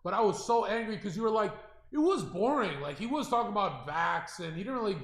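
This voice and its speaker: A man's voice: sits high, animated, brisk, fairly bright tone. A man on a livestream telling a story in a heated, emphatic, swearing way. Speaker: guest on a livestream. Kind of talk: casual livestream chat. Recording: roomy echo.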